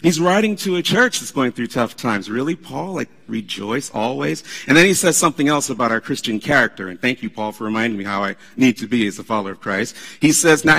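Man, pastor, conversational sermon, husky, long hall echo. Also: medium pitch. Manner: animated, conversational, laughs often.

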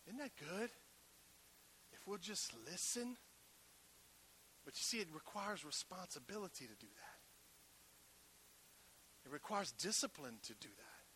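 A male pastor delivers a sermon, alternating between loud, emphatic calls and hushed passages close to a whisper, with conversational call-and-response asides to the congregation. His high voice has lively intonation at normal speed, with a little hiss or hum in the audio.

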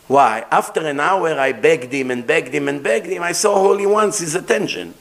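A middle-aged man giving a storytelling sermon as a rabbi, animated, acting out dialogue and mixing in Hebrew terms. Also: a little high, moderate pace, hardly any pauses. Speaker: rabbi lecturer.

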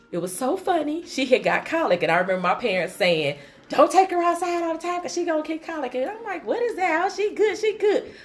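A woman co-hosting a casual chat, an animated storyteller who laughs often. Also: medium pitch.

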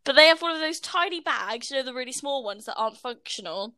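A British woman chatting on a podcast in a high, bright voice, giggly and quick to tell a story. The sound is close and dry, with no room around it. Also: lively intonation, no echo. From Britain. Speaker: podcast co-host. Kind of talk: casual chat.

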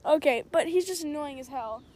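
A woman's voice: high-pitched, expressive, a little fast, a little mellow. A young woman telling a story in a casual chat, blunt and offhand, swearing now and then. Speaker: co-host.

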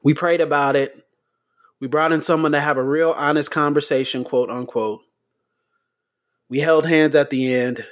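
A man's voice: on the high side, fairly even intonation, voice pushed down, lightly acted. A man mocking an evasive, shrugging pastor. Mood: dismissive. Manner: shrugging, hedging, drawn-out sighs. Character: casual evasive male pastor, dismissive.

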